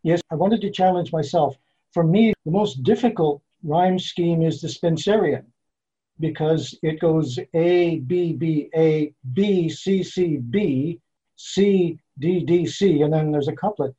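Male poet, interview guest, husky and slightly high, careful measured delivery. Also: warm tone. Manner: measured, explanatory, slows down to spell out meter. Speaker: poet and author being interviewed. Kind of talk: thoughtful interview answers. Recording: dull lo-fi sound.

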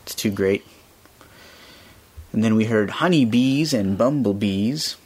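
A man's voice: fairly low pitch, takes it slowly, darkish tone, breathy edge. A man hosting a children's music radio show, chatting casually and explaining things simply for kids.

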